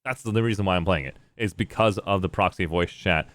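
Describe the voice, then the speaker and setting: A man's voice: low voice, a little fast, a bit bright, no echo. A male game streamer chatting casually, reading out chat messages and rambling in response.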